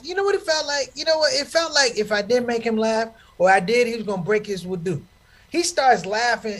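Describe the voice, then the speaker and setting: A man with a high voice telling stand-up stories. He is animated and speaks to the crowd like a preacher. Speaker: stand-up comedian. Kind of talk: stand-up comedy storytelling.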